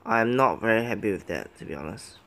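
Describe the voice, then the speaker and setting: A young man giving live gameplay commentary, excitable, muttering his plans, then pleading and yelping as matches turn. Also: on the low side, fairly quick. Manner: excitable, swings between muttering plans and loud yelps; pleads and begs at the game. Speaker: game commentator.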